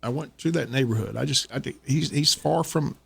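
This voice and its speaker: A man's voice: mid-range voice, brisk, vocal fry, fairly bright tone, slightly rough. A man co-hosting a radio talk show, pressing the same questions over and over. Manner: insistent, keeps repeating his questions.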